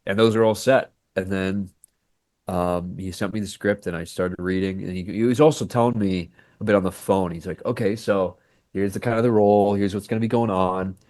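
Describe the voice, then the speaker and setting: A male actor speaking as a podcast guest, his voice sitting a little low. He tells stories in a loose, animated way, slipping into the voices of the people he quotes. The sound is dry and close, with no room echo. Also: a little fast. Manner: animated storyteller who acts out quoted dialogue. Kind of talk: casual podcast interview.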